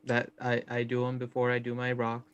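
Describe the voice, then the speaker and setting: A man's voice: mid-range voice, completely flat delivery, brisk, clear, resonant tone. A man playing a tabletop game, answering in a dry, hesitant way. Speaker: player. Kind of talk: casual tabletop role-play. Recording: dull lo-fi mic.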